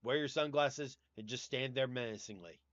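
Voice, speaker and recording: A man's voice: mid-range voice, moderate pace, fairly bright tone, no echo, highs cut off. A man with a Southern US accent, hosting a livestream in casual, rambling chat and swearing casually. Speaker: livestream host.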